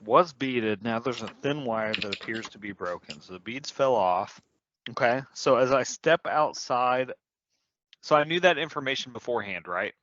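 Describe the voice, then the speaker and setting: A man's voice: medium pitch, lively intonation, normal speed, a bit bright, highs cut off. Curious man playing a tabletop game. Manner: inquisitive, thinks aloud. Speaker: player.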